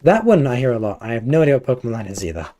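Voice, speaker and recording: Mellow, slightly hoarse British man streaming. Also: medium pitch, sing-song, racing, slight background noise. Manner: rambling, playful, chatty asides. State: a little hoarse. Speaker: livestreamer. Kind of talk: casual chat while gaming, answering live chat.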